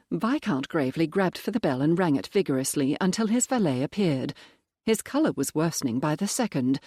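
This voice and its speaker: An audiobook narrator reads the story in a calm, measured way. The voice sits in a middle register. The recording is dry and close. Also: medium pitch, breathy edge, no room sound. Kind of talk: scripted narration.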